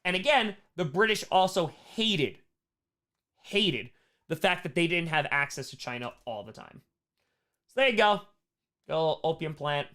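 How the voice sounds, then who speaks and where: Animated, jokey male history teacher. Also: fairly high pitch. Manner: animated and jokey, with sarcastic asides and quick mock dialogue. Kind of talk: live-streamed history lesson with chat Q&A.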